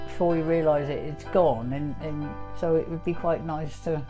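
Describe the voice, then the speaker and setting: An older woman fondly reminiscing in an interview, hesitant with many pauses. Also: low voice, steady tone, over music. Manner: hesitant, fond, many ums.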